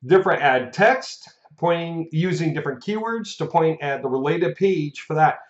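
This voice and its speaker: Fairly high-pitched and speaking at a moderate pace, the host of a marketing course offers a casual video update despite his hiccups. He's chatty and rambling, laughing often and using restarts and fillers, and the audio is dull lo-fi in an echoey room.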